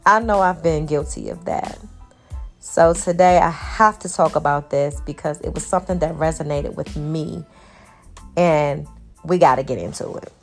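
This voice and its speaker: Woman, thirties, lowish voice, lively preacher-like storytelling, faint music behind. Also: normal speed. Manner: lively, preacher-like storytelling, addresses viewers as y'all. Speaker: faith vlogger. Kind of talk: storytelling devotional talk.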